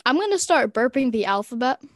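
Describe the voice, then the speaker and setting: A woman's voice: fairly high pitch, big pitch swings, fairly quick, dry recording, studio quality. Playful woman playing a tabletop game. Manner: playful, joking, chatty. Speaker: player.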